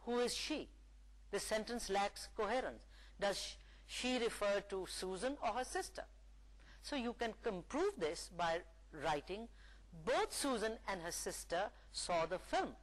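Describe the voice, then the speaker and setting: A woman lecturer giving a recorded English lesson, reading example sentences aloud in a slow, deliberate way. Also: medium pitch, rough recording. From Pakistan.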